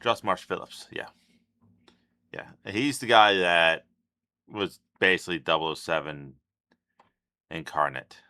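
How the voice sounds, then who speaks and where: A man hosting a reaction video who thinks out loud, trails off mid-sentence and cuts in with offhand asides. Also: low-pitched, lively intonation, unhurried, long pauses, smooth, dry recording. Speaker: reaction channel host. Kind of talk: casual reaction commentary.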